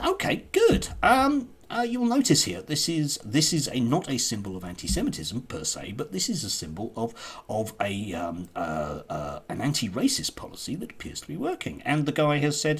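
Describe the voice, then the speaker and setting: A man's voice: mid-range voice, a bit bright, slightly rough. A man commenting casually on a news article he reads aloud, with sarcastic asides and many hesitant fillers and restarts.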